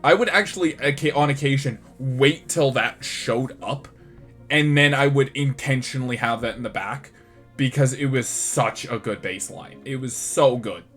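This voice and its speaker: A man's voice: mid-range voice, moderate pace, fairly bright tone, faint music behind. Rambling man in casual gaming talk. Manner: rambling, with many restarts and laughs. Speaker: podcast co-host.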